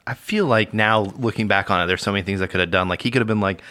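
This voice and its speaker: Brief: male podcast co-host, bright edgy tone, playful jokester. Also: quick pace, no room sound. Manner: joking, playful, jumps into high mock voices. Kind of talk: casual chat.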